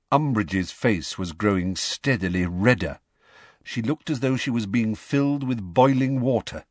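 A man reading a storybook aloud in an expressive, measured way. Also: on the low side, no room sound, studio quality. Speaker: audiobook reader. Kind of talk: storybook narration.

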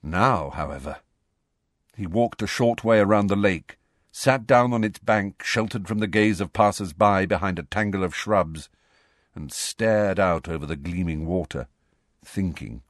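Low-voiced male audiobook narrator. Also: unhurried, no echo, clean studio sound. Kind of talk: scripted narration.

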